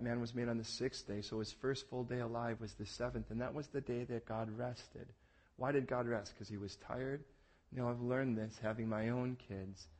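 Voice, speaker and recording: A man in his thirties preaching a sermon, telling stories in an animated way and acting out voices, going from hushed to loud. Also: medium pitch. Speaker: pastor.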